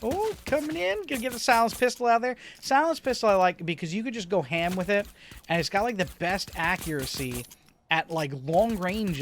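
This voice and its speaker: A man with a fairly high voice talks through his gameplay in a loose, rambling way, chuckling now and then. He is a little stuffy from a slight cold. Faint gunfire sits under his voice. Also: fairly bright tone, slight background noise. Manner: laid-back, rambling, chuckles to himself. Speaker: gaming video host. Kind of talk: casual commentary over gameplay.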